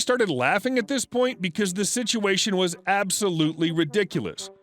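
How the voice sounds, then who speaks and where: A man reading online stories aloud as a scripted narration, in a lively storytelling manner. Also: sits high, moderate pace, hardly any pauses, soft background music.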